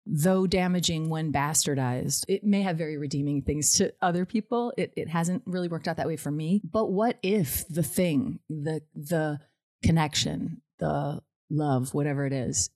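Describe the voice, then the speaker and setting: A woman's voice: low voice, moderate pace, darkish tone, dry recording, clean studio sound. A woman talking in a casual, reflective way, often laughing at herself as she talks. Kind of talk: casual conversation. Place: Los Angeles area.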